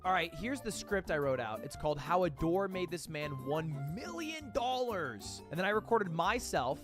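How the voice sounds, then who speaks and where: A man's voice: sits high, big pitch swings, moderate pace, music in the background. A man narrating his own vlog, upbeat and confident with a self-deprecating edge. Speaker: YouTuber.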